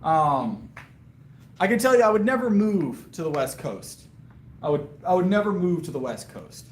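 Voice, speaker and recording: Chatty man, fairly high voice. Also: very animated, normal speed, roomy sound. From Southern US. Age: 30s. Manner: rambling, chatty, answers viewer questions with a laugh. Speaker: powerlifting livestreamer. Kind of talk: casual live-stream chat between sets.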